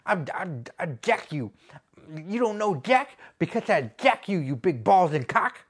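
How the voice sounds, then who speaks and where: A man's voice: sits high, big pitch swings, measured pace, husky, heavily acted. A man voicing a crude, boastful male wrestler who poses as a gangster, talking with swaggering slang in a comedy sketch. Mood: trash-talking.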